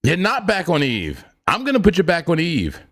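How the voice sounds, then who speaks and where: A man's voice: a little high, huge pitch swings, moderate pace, fairly bright tone. A man hosting a casual crypto trading livestream, joking and repeating himself as he talks.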